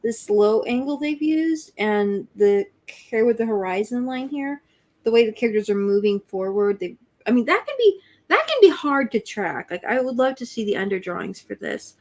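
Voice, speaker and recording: A woman's voice: a little high, sing-song, normal speed, a little mellow. A woman co-hosting a casual livestream chat, giving thoughtful and detailed comments on artwork.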